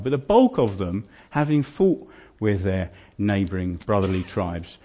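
A man's voice: lowish voice, big pitch swings, measured pace, hardly any pauses, darkish tone. A man preaching a sermon, retelling a scripture story in a vivid, conversational way, often asking his listeners questions. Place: church hall.

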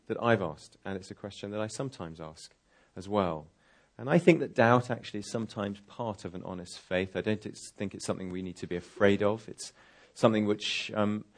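A man's voice: lowish voice, darkish tone. A man giving a sermon as guest speaker, talking in a conversational, reflective way and posing rhetorical questions. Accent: distinctive accent he says is real. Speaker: guest preacher.

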